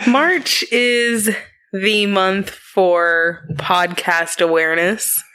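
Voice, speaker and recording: A woman in her thirties co-hosting a family podcast, telling stories in a casual, animated way and swearing freely. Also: mid-range voice, very slow. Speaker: podcast co-host. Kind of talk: casual chat.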